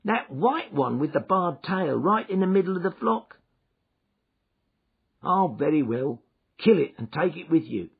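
A man voicing a brisk, practical farm woman who is a little huffy. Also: a little high, sing-song, gravelly, breathy edge, full character voice. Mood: matter-of-fact. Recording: dull lo-fi recording.

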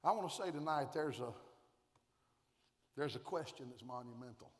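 A man preaching a fiery, folksy sermon that swings between shouts and hushed tones. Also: medium pitch, moderate pace. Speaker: guest preacher. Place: large church auditorium at a conference. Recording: long reverb of a large hall.

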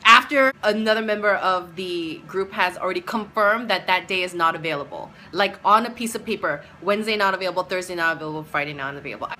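A woman in her thirties telling a story in a casual vlog, animated and exasperated, acting out bits of dialogue. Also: on the low side, fast, hardly any pauses, slight background noise. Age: 30s. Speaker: vlogger; doctoral music student and teacher.

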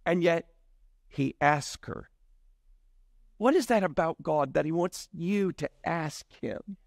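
A man preaching a sermon, telling the story in animated fashion and acting out the voices of its characters. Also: a little high, slow pace, creaky, dry recording, studio quality. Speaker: pastor.

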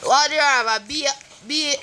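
A gaming video host giving playful, silly commentary while playing, with drawn-out chants. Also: high voice, bright, forceful tone, slight background noise. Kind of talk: casual gameplay commentary. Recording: game music clearly behind.

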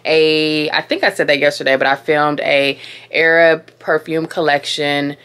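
In a casual beauty vlog recorded on a camera mic in her home closet, a young woman talks perfume and beauty, addressing viewers as dolls. Her low voice is smooth, steady and a bit bright, with a measured pace.

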